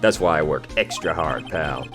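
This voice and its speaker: An earnest, gruff detective, as a man reads him with a low, animated voice and a folksy way of talking. Game music plays beneath him. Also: moderate pace. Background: video game music.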